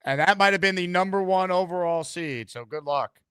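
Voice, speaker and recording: A man's voice: high-pitched, a little fast, bright, forceful tone, smooth, no echo, faint music behind. A man hosting a call-in sports show, playful and teasing with callers. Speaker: host.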